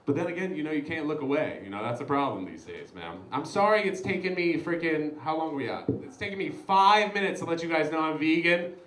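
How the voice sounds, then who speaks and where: A young man doing stand-up at a live comedy show, his voice high and bouncing all over the place. He talks straight to the crowd in an animated, chatty way, and the room sounds big and echoey around him. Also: fairly quick, hardly any pauses. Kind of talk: stand-up set with crowd work.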